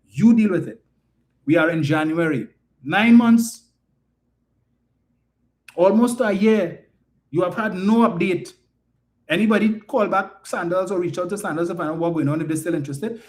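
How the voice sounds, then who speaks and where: A man's voice: high-pitched, normal speed. A man with a Trinidadian accent giving an emphatic, indignant political commentary monologue full of rhetorical questions.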